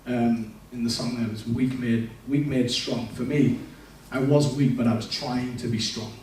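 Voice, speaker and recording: Man, personal church testimony, candid storytelling, quotes his past self, booming echo, faint background hiss. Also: fairly even intonation, moderate pace, a little mellow. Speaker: speaker giving a testimony. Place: large echoey church hall. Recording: echoey church hall, distant mic.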